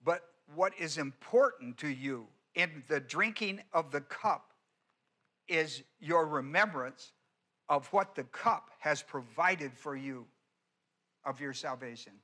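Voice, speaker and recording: A man's voice: a little high, lively intonation, slow pace, pushed and bright. A male pastor teaching an expository sermon, driving points home by repeating them and asking the congregation whether they follow. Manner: emphatic teaching, repeats key words, asks the congregation questions.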